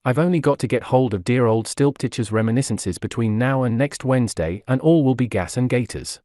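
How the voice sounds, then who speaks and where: Guy reading as a witty young gent, airy and ironic, pitched up a bit. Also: fairly quick, mellow, no room sound, clean studio sound, lightly acted. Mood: breezy rueful. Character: quick-witted, breezy young English gentleman.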